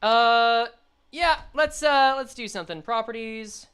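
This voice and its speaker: A young woman streaming a game, chatting and reading the story aloud, animated and quick to laugh. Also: on the high side, clear, resonant tone.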